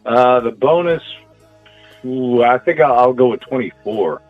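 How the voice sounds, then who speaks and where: A man's voice: mid-range voice, expressive, a little slow, soft background music. Self-deprecating man on a tinny phone line. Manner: laughs often, self-deprecating. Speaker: caller. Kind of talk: casual chat over a phone line.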